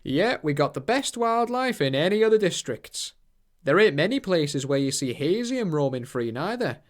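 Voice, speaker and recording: A man's voice: a little high, big pitch swings, moderate pace. A man voicing a kindly older male angel boatman with a Yorkshire accent, chatty and folksy.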